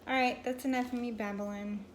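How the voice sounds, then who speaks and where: A woman's voice: fairly high pitch, steady tone, normal speed, slight background noise. A woman in her forties telling a rambling story to her viewers while she crochets at home, stopping now and then to scold a pet. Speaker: crochet vlogger. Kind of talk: casual storytelling chat.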